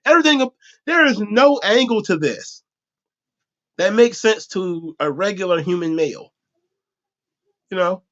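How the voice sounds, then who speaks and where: Animated, high-pitched man ranting. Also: measured pace, pauses often. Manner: animated, profane, laughs often, acts out voices. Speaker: podcast host. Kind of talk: comedic podcast rant. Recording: dull lo-fi audio.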